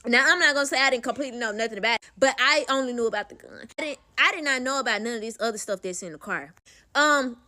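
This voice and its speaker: A woman's voice: a little high, bright, forceful tone. A young woman telling a personal story in a casual vlog, candid and profane, calling the listener "baby".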